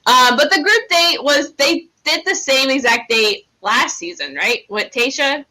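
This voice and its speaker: A young woman co-hosts a podcast, gossiping casually, giggling often and reacting with animation. Her voice is high and her pace measured. The audio quality is poor.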